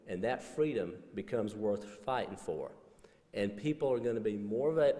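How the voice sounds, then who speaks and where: A man giving a speech, a folksy storyteller who drops his voice low for dialogue. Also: dark tone. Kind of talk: public speech with a told story. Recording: reverberant hall.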